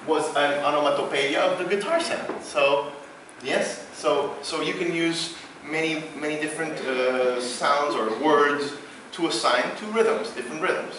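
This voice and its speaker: A man with a Venezuelan Spanish accent, a native Spanish speaker, leading a vocal workshop, explaining in halting English full of fillers and breaking into sung syllables. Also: a little high. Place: large hall. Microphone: far room microphone. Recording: distant, very echoey hall with background noise.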